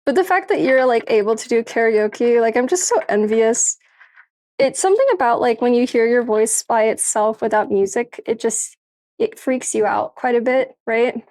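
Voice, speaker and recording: There's a darkish tone to her animated, high-leaning voice, which keeps a moderate pace. A young woman chats casually with viewers and her pets during a live stream from her kitchen, giggling often and swearing openly.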